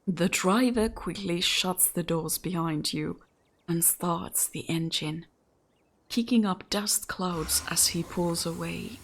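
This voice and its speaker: A woman's voice: lowish voice, creaky, slightly rough. A woman hosting a gaming channel, giving chatty commentary and whispering the story narration of a visual novel as she reads it aloud.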